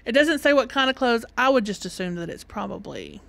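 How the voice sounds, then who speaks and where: A woman's voice: a little high, sing-song, fairly quick, gravelly, no room sound. A woman with a Southern US accent, co-hosting a podcast in casual chat and laughing often. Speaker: podcast co-host.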